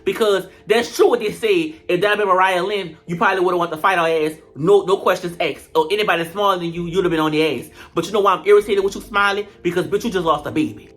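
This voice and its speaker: Foul-mouthed reviewer ranting about a reality show episode, lively and dramatic, faint music underneath. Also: medium pitch, fast talker, hardly any pauses. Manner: animated, profane, dramatic retelling. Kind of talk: casual commentary vlog.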